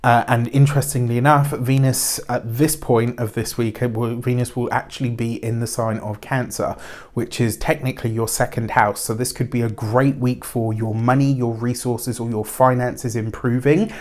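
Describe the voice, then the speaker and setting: A man's voice: mid-range voice, little pitch movement, normal speed. Chatty man giving a tarot reading. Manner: chatty, rambling, warm spiritual phrasing with frequent fillers. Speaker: tarot reader. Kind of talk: casual weekly tarot reading.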